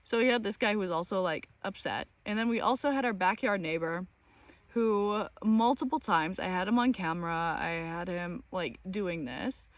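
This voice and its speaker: A woman hosting her own channel, telling a personal story in a casual, animated and exasperated way, with many fillers. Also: lowish voice, normal speed, dry recording. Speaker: channel host.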